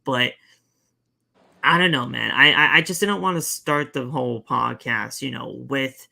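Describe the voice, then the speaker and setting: A man hosting a casual podcast chat, with a gravelly voice that has a very sharp, forceful edge. His talk is relaxed and agreeable, and he often restarts his sentences. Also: medium pitch, a little slow. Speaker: podcast host.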